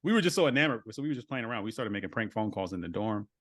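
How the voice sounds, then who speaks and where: A man with a lowish voice talks about his work as a voice actor over a video call. He is reflective and leans on filler words as he thinks aloud. The sound is dry and close. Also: lively intonation, rapid-fire, no echo. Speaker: voice actor guest. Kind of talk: casual interview talk.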